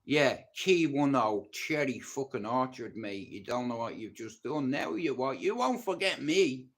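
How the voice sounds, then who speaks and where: A man's voice: mid-range voice, animated, a little slow. A man with a Dublin Irish accent telling his own story on a livestream, blunt and intense, swearing often. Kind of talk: casual storytelling monologue.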